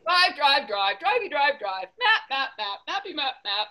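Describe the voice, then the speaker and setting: A woman's voice: sits high, expressive, drawn-out words, background noise, exaggerated voice. Woman doing Gerald, a fussy bossy elephant. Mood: chanting. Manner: bossy, chanting, fretful outbursts. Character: fussy worried male elephant planner.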